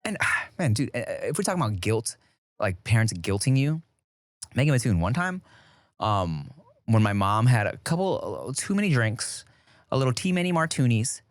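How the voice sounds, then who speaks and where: A man's voice: lowish voice, big pitch swings, moderate pace, dry recording, clean studio sound. A man co-hosting a podcast in loose, slangy, rambling chat. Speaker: podcast co-host.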